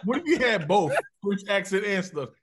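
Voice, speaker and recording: A man's voice: high-pitched, expressive, a little fast, over a noisy crowd. A man co-hosting a comedy podcast, cracking jokes and laughing. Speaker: podcast co-host. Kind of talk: casual comedic banter.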